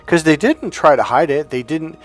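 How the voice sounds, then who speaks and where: A middle-aged man, a life coach, telling a painful personal story in a halting, emotional way, often restarting his words. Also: fairly high pitch, animated, faint music behind.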